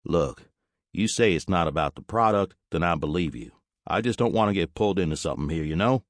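A man plays a jittery male burger-shack owner, worried and pleading, raising his voice as he frets. The voice sits a bit above the narrator's own, with lively swings in pitch. The audiobook recording is dry. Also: brisk, no room sound. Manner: flustered, pleading.

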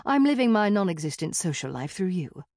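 A woman's voice: on the low side, sing-song, a little fast, a little mellow, no echo. A woman voicing a wry, teasing young female friend with dry humor.

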